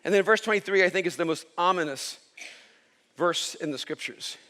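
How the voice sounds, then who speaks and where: A male pastor preaching a sermon with impassioned storytelling that rises toward near-shouts. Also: sits high, moderate pace.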